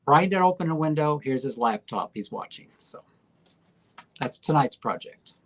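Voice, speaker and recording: A man's voice: on the high side, expressive, moderate pace, slight background noise. A man co-hosting a live stream, talking easily and walking through his painting step by step. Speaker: artist and show host. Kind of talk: casual live stream chat.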